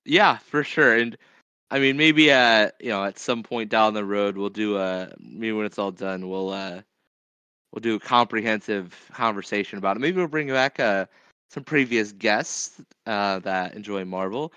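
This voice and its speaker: Bright, smooth-voiced male co-host. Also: on the low side, no room sound. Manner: easygoing, quick to agree and steer the talk. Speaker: podcast co-host. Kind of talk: casual movie chat.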